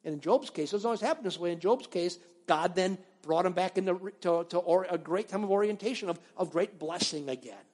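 A man preaching a sermon as a pastor, telling stories with animated swings between loud and hushed. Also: high voice, brisk, few pauses, in a large hall. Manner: animated storytelling, acting out biblical voices, dropping to near-whispers.

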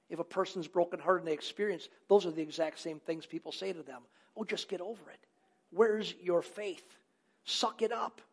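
High-voiced man preaching earnestly. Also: vocal fry. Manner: asks rhetorical questions and answers them; earnest, repeats key phrases for emphasis. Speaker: pastor. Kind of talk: sermon.

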